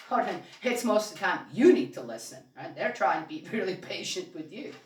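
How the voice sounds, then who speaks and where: A woman telling her own story in a casual, rambling way, full of fillers, soft laughs and asides to herself. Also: fairly low pitch, expressive, moderate pace. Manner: talks to herself aloud. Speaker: spiritual storyteller. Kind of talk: casual spoken memoir narration. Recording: very echoey room, distant mic, faint hiss.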